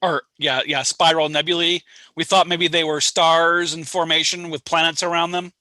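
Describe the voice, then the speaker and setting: A man's voice: a little high, level tone, moderate pace, bright, forceful tone, no room sound. A man hosting an online astronomy viewing session, chatting casually and rambling with a self-deprecating sense of humor. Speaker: astronomy outreach host. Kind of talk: casual livestream chat. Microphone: online call mic.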